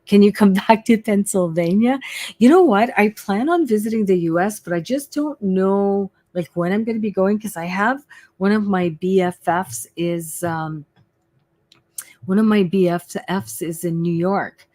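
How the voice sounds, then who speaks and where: A middle-aged woman hosts her own live psychic reading stream in an easy, chatty way. She sounds bubbly and excitable, and she often repeats herself. Her voice sits at an average pitch, recorded close and dry. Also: measured pace, no echo. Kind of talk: casual live-stream chat.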